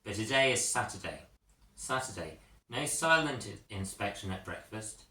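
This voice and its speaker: A man narrating a second-person storybook in a measured way, with occasional coughs. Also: on the low side, lively intonation, bright, forceful tone. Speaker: audiobook narrator. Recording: roomy echo, mic at a distance.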